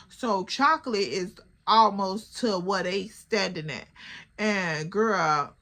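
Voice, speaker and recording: A young woman with a Chicago accent telling a story in a chatty, animated way to her viewers. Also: medium pitch, takes it slowly. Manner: animated, chatty, addresses the listener as girl. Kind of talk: casual storytime vlog.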